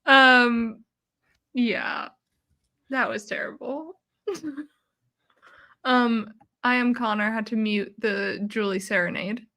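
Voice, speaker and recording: Bright, unhurried woman co-host. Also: a little high. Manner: laughs often, relaxed and easygoing. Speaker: co-host of a reality TV recap show. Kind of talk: casual livestream recap chat.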